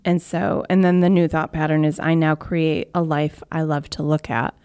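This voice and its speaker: Lower-voiced earnest woman. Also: level tone, normal speed, a little mellow, smooth. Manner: earnest, explanatory, with fillers. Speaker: acupuncturist guest. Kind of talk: explaining on a talk show.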